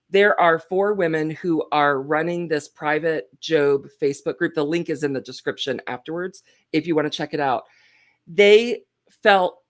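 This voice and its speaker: Playful woman with a lowish voice. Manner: playful, teasing, chatty. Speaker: Bible study co-host. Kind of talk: casual chat on a livestream.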